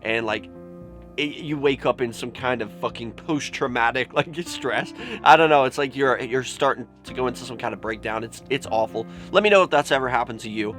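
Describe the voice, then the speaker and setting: A man's voice: mid-range voice, a little fast, a bit bright, soft background music. A young man vlogging, telling a personal story candidly and emotionally, swearing often and saying "like" a lot. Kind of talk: confessional vlog storytelling.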